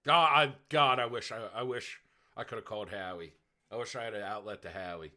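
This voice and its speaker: A man co-hosting a sports podcast, ranting loudly in casual profane chat. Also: fairly low pitch, a little fast. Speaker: podcast co-host.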